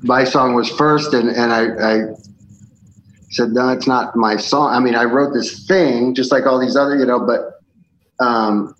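A man speaking as a musician guest in a casual interview, telling stories in a relaxed way with many fillers and restarts. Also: medium pitch, unhurried. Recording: slightly dull, faint background noise.

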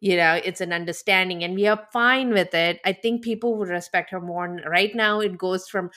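Bright, animated woman podcast co-host. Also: lowish voice, normal speed. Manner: animated, opinionated, laughs often. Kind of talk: casual chat about reality TV.

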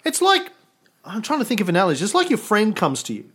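A man's voice: sits high, wildly swooping pitch, fast talker, fairly bright tone, breathy edge. Joking, profane podcast host, a man. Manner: irreverent, profane, joking storytelling with homespun analogies. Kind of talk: casual history podcast chat.

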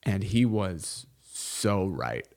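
A man's voice: low-pitched, big pitch swings, very slow, darkish tone. A middle-aged man chatting casually as a podcast guest, telling a long story with many fillers and restarts. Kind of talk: casual chat.

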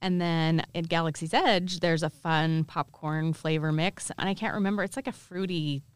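A woman's voice: low-pitched, fairly even intonation, moderate pace, clear, resonant tone, dry recording. A woman co-hosting a podcast, upbeat and friendly in casual chat. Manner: upbeat, friendly, laughs often. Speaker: podcast co-host.

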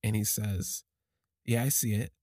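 A man telling a personal story on a podcast, halting and emotional, with many restarts. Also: lowish voice, steady tone, dark tone, dry recording, clean studio sound.

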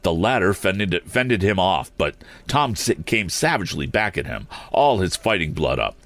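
A man reads an adventure story aloud in a very low voice. He keeps a steady pace and corrects small slips as he goes. The sound is dry and close to the mic. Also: moderate pace, dry recording. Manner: steady reading with occasional slips and restarts. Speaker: audiobook reader. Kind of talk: storybook narration.

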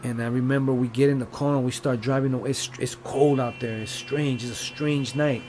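A man's voice: medium pitch, steady tone, brisk, darkish tone, a little hiss or hum. A man, a rapper, telling a personal story in a loose, rambling, casual way with lots of fillers and swearing.

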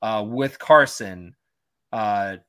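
A man's voice: fairly low pitch, extremely slow. A man co-hosting a casual fan podcast, talking animatedly and stammering over his words. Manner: animated, stammers, acts out lines loudly. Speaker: podcast co-host.

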